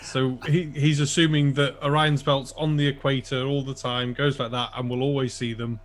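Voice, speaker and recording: A man's voice: medium pitch, flat delivery, normal speed. Dry, skeptical male co-host. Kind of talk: casual live commentary.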